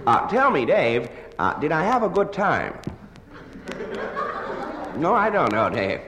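Comic lead: hungover man on the phone, halting and sheepish, lively swooping delivery, recorded live in a roomy hall. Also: on the high side. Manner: stammering, hesitant, full of uhs and restarts; sheepish and apologetic. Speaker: comedian. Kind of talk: one-sided comic phone monologue. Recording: live recording in a large echoing hall with ambient noise.

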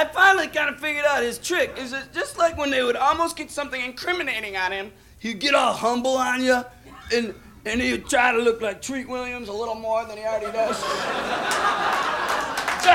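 A young man doing an animated, rambling stand-up comedy set, acting out bits. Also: very high voice, fairly quick. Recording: live club with noisy laughing crowd. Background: audience laughter and noise.

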